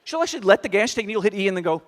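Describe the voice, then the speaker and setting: Male stand-up, middle-aged, high bright voice, live on a stage mic with faint hiss in the room. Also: rapid-fire. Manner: animated, acts out exasperated voices. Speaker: stand-up comedian. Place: theater stage before a live audience. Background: audience laughter.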